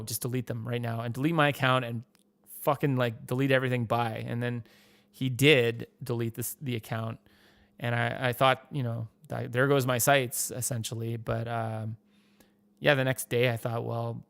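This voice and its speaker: A man's voice: medium pitch, creaky, no room sound. A man hosting a podcast, telling a rambling, casual story, swearing and acting out quoted dialogue. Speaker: podcast host. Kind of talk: casual monologue.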